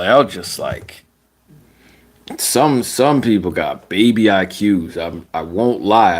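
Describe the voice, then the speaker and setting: A young man giving casual, slangy basketball commentary. He rants, laughs often and mocks other people with sudden high-pitched voices. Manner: animated, laughing, slangy, mocking voices with big pitch jumps.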